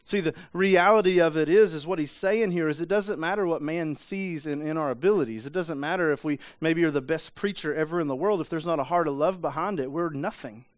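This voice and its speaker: A man's voice: fairly high pitch, brisk, hardly any pauses, dry recording. A man preaching a sermon in a church, talking in a loose conversational way with frequent restarts and rhetorical questions. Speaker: pastor. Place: church sanctuary.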